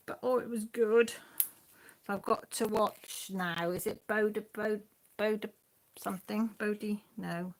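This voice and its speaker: Using her phone to film, a woman hosting a crafting channel talks chattily to viewers and her dog in a casual live stream from home. Her voice is mid-range and gravelly, with slight background noise in the recording.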